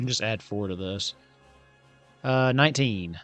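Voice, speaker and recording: A man's voice: mid-range voice, lively intonation, slow, a bit bright, soft background music. A man playing a tabletop game, joking around and muttering to himself while he rolls dice. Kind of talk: casual game chat.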